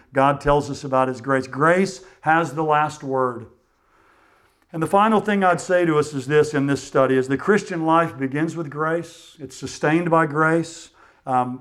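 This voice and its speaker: Earnest male preacher, fairly high voice. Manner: earnest, softening to quiet at phrase ends. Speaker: pastor. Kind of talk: sermon.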